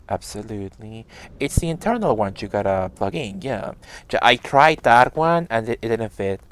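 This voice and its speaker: A man with a mid-range voice streams a video game, chatting casually with his viewers as he plays. He reads their messages aloud and answers them, and there's a little hiss or hum in the recording.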